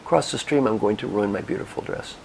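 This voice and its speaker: A man's voice: on the low side, brisk, gravelly, slight background noise, rough recording. A man voicing an upset young woman in a silk dress who pleads for help, told within a motivational talk. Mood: pleading.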